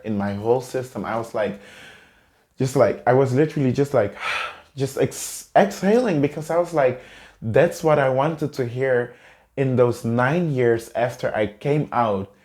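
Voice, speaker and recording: A man's voice: mid-range voice, measured pace, darkish tone. A man earnestly and emotionally telling a personal story to camera in a vlog. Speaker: vlogger.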